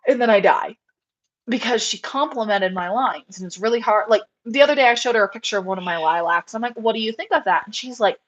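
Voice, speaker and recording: A young woman, a rabbit breeder hosting a live stream, talking in a casual, excitable, rambling way with lots of fillers. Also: medium pitch.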